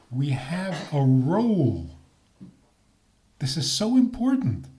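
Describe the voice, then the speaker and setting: A man's voice: on the high side, takes it slowly. An older man, a rabbi, giving a talk on faith with jokes and rhetorical questions. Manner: animated, joking, rhetorical questions.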